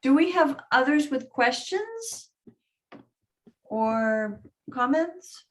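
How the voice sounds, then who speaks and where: A woman moderating a question session over a video call, polite and unhurried. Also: high voice, very animated.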